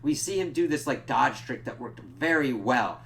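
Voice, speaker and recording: A young man runs through a TV episode in a loose, rambling recap, peppering it with profanity and constant "like"s. His voice sits at an ordinary male pitch. A faint hum sits underneath. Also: expressive, moderate pace, a bit bright. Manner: rambling, profane retelling full of "like". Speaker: TV episode reviewer. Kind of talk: casual spoiler review recap.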